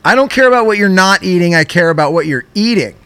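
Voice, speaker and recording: Animated, profane male podcast co-host. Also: high voice, fast talker, clear, resonant tone, no echo. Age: young adult. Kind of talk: casual podcast storytelling.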